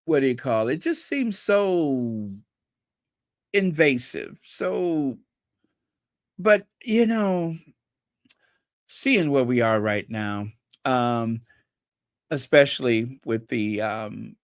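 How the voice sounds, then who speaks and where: A man hosting a casual live stream, commenting in an animated, incredulous, rambling way and thanking viewers for chats. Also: medium pitch, slow pace, long pauses, no room sound, studio quality. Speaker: channel host reading viewer chats.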